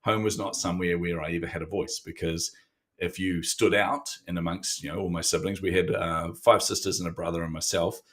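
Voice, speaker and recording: A man's voice: low voice, steady tone, brisk, fairly bright tone. A man, telling his life story candidly as a podcast guest with self-deprecating humor and frequent laughs. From New Zealand. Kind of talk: interview storytelling.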